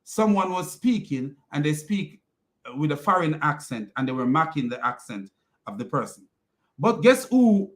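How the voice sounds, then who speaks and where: With a high-leaning voice that swings widely in pitch at a moderate pace, this online commentator delivers a casual, heated rant. He mocks, laughs a lot, and keeps repeating himself.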